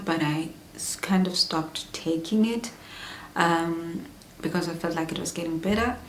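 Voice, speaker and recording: A woman in her thirties, candidly chatting through a personal pregnancy vlog, sometimes dropping into soft whispery asides. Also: fairly low pitch. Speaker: vlogger. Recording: echoey room with faint hum.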